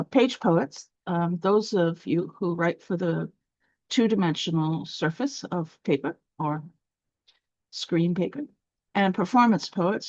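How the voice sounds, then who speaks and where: A woman's voice: lowish voice, darkish tone, no echo. A woman teaching a poetry class, explaining step by step with fillers and restarts. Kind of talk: online lesson. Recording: dry, dull lo-fi sound.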